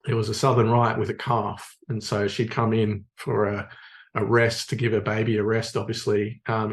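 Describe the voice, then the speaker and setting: An Australian man, a podcast guest, telling a story in a relaxed, rambling way with plenty of fillers. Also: on the low side, creaky. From Sydney, Australia. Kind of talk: casual storytelling in conversation.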